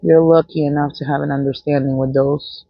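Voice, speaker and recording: Gravelly-voiced woman rambling off the cuff, swearing, blunt, dry dull mic. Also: low-pitched, little pitch movement, fairly quick, no room sound. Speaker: vlogger. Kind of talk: unscripted monologue.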